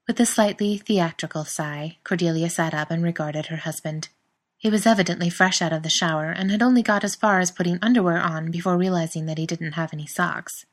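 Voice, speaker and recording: Woman reading a story out loud, calm and even, lowish voice. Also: fairly quick. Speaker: reader. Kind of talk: storybook narration.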